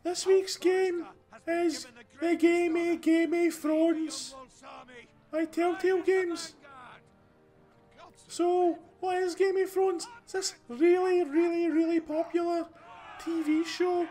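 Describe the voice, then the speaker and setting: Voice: very high voice, steady tone, slow, warm tone, faint music behind. A host with a Scottish accent giving casual, rambling commentary over gameplay, chatty and full of restarts. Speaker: gaming channel host.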